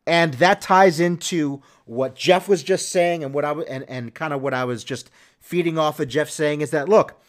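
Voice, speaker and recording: Male podcast host, slightly high voice, loose chatty delivery with lots of restarts. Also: moderate pace. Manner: rambling, many restarts and fillers. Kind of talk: casual solo sports podcast.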